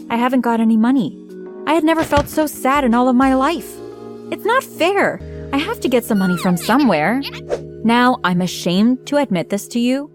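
A woman telling a first-person story in scripted narration, expressive and dramatic, with soft music behind her. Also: mid-range voice. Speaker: narrator voicing a teenage girl.

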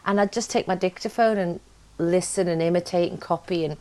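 A woman from Britain, an actor, giving an animated, expressive interview about her work and her upbringing. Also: fairly low pitch, brisk, a little hiss or hum. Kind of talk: casual interview chat.

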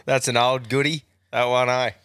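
A laid-back Australian man co-hosting a podcast, swearing freely and laughing easily as he chats. His voice is bright and forward, recorded dry and close with no room sound. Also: mid-range voice, flat delivery, normal speed, clean tone, no echo. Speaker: podcast co-host. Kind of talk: casual chat.

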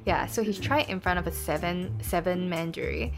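A woman's voice: lowish voice, normal speed, music in the background. A Singaporean woman hosting a casual true-crime podcast, chatty and full of fillers. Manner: chatty, lots of likes and lah. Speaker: podcast host.

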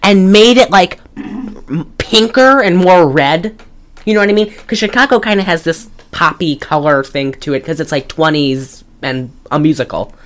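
A woman's voice: on the low side, animated, moderate pace. Exasperated woman ranting on a podcast. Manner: exasperated, blunt, rambling with restarts. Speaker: podcast co-host. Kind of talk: casual chat.

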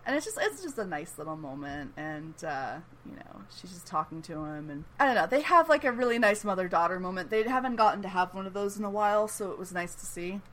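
A woman giving a casual, animated episode recap, chatty and full of "like" and "you know.". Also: on the low side, a little fast, hardly any pauses, a little hiss or hum. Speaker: podcast host recapping a TV episode. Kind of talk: casual chat.

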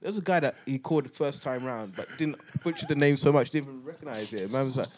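A man hosting a podcast, telling a travel story in a casual, animated way, laughing and acting out other people's voices. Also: mid-range voice, fast, few pauses. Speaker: podcast host.

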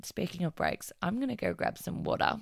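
A woman hosting her own podcast in casual solo talk, earnest and encouraging, with a hoarse voice as she loses it, and many fillers. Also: lowish voice, wildly swooping pitch, a little fast, no room sound, clean studio sound. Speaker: podcast host.

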